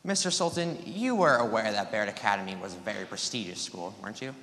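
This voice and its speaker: A man's voice: fairly low pitch, expressive, fast talker, fairly bright tone, slight background noise. A teenage boy cross-examining a witness in a mock trial, pressing with leading questions and cutting in for yes-or-no answers. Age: teens. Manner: pressing, cuts in with yes-or-no demands. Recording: echoey room with long reverb.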